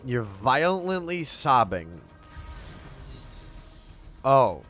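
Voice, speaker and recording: A man's voice: mid-range voice, big pitch swings, very slow, a bit bright, faint music behind. A man chatting casually on a game livestream, playful and rambling, swearing freely as he talks to his chat. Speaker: streamer.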